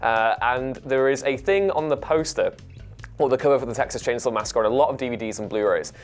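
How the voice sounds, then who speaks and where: A young British man tells a story in brisk, casual chat. He speaks fast at a middle pitch. Faint music plays under his voice. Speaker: show panelist. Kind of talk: casual chat, recounting childhood.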